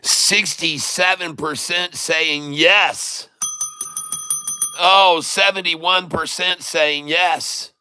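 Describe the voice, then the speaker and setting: Male livestream trading host, exclamatory, clear smooth voice, slightly high, unhurried delivery. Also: fairly even intonation, pushed and bright. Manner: exclamatory, rattles off prices, addresses viewers as folks. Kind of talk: excited live trading commentary.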